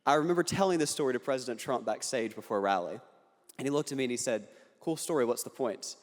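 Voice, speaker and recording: Racing through his words, a young man speaks expressively at medium pitch, giving an earnest, punchy political speech with the odd joke. He's in a large university campus hall, and the recording carries hall reverb.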